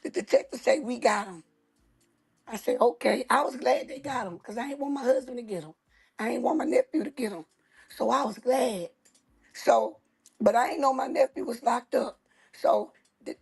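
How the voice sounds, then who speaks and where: A woman's voice: on the high side, normal speed, creaky, a little mellow, breathy edge. A woman host, telling a story in casual chat, with emphatic, dramatic repetition. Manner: emphatic, dramatic retelling with repeated phrases.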